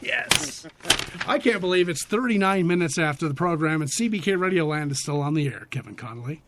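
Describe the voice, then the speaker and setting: A middle-aged man hosting a radio show in loose, rambling casual banter, quick to laugh. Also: on the high side, expressive, background noise.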